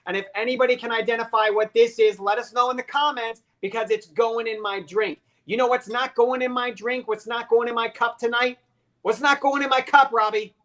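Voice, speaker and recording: A man hosting a live online chat, talking with lots of energy, cracking jokes and pressing his points hard. His voice is bright and forward. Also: extremely high pitch, brisk. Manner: energetic, joking, emphatic. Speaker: host. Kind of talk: casual live video chat.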